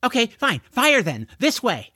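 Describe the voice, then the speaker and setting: A man's voice: very high-pitched, wildly swooping pitch, unhurried, pushed and bright, breathy edge, dry recording, clean studio sound, voice pushed up, full character voice. A man voicing a twelve-year-old boy who owns a pet dragon, talking in urgent, pleading commands. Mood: coaxing.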